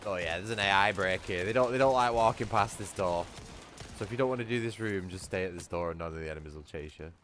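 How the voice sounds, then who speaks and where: A man's voice: deep voice, fast, fairly bright tone, slight background noise. A British man casually chatting and swearing while he streams a video game, with a joking manner. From Britain. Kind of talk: casual gameplay livestream.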